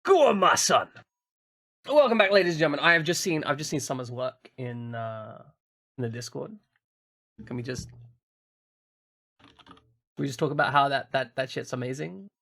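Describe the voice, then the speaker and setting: A man's voice: mid-range voice, lively intonation, moderate pace, gravelly, pauses often, fairly bright tone. A man streaming a game in casual chat, joking and swearing and often repeating his words as he talks.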